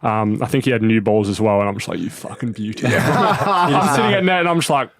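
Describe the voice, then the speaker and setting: A man's voice: mid-range voice, a little fast, no echo. Young man, laughing storyteller, swears a lot, dead dry room. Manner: animated, laughing, swears freely. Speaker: guest, tennis player. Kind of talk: casual podcast storytelling.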